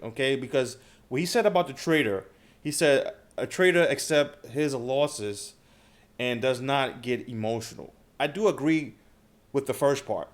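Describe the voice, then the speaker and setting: A man hosting a trading channel, talking casually to his viewers and often checking in with "okay?" and "right?". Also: medium pitch. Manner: conversational, frequent filler questions like "okay?" and "right?". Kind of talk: casual talk to camera.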